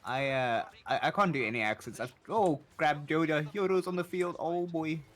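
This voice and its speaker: A man chatting casually while gaming, joking and halting with fillers. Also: a little high. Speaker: fellow player.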